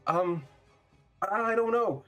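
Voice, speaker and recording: A woman's voice: medium pitch, slow, fairly bright tone, soft background music, voice pushed up. A man voicing a nervous young woman archer who keeps asking what to do. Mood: anxious. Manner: fretful, questioning.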